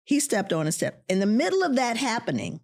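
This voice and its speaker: A middle-aged woman, an interview guest, telling a personal story in an animated way and voicing the people in it. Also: a little high, brisk.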